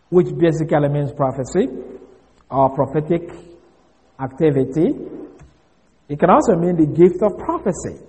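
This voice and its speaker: A man's voice: fairly high pitch, expressive, normal speed, pauses often, mellow. A man teaching on the Bible as a preacher, explaining Greek words and spelling them out letter by letter, recorded in a large hall. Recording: long hall reverb.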